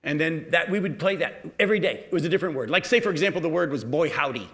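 A middle-aged pastor preaches in a voice sitting a touch high for a man. He drops to near-murmured storytelling, then rises sharply into loud, pleading exhortation. The sermon moves like spoken storytelling rather than a reading. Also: lively intonation, fast. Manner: storytelling, swings from quiet to loud emphatic preaching.

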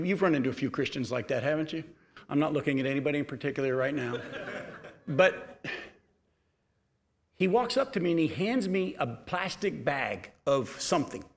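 A middle-aged pastor preaches in a voice sitting a touch high for a man. He drops to near-murmured storytelling, then rises sharply into loud, pleading exhortation. The sermon moves like spoken storytelling rather than a reading. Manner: storytelling, swings from quiet to loud emphatic preaching.

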